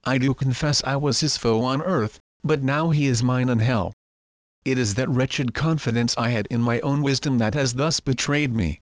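A man's voice: mid-range voice, normal speed, no room sound, close to an everyday voice. Man doing a miserable damned philosopher, lamenting, full of regret, dry close sound. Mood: remorseful. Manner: lamenting, remorseful. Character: wretched remorseful damned male philosopher.

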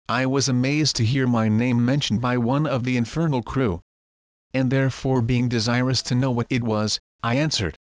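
Man reading an old religious tale aloud, formal and steady, mid voice, dry close mic. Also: medium pitch, normal speed, dry recording. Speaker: narrator.

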